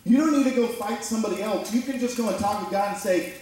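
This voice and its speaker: A man's voice: high-pitched, fast talker, few pauses. A man preaching a sermon as pastor, talking conversationally and acting out quoted voices. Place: church sanctuary. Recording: very echoey church from a distant mic.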